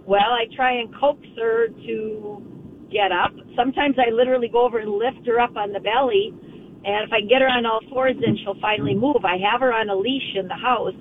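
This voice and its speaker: A woman calling in to a radio show, explaining her problem in a hesitant, halting way over the phone. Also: a little high, fairly even intonation. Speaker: caller. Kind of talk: phone-in question. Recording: tinny phone line, faint vehicle noise.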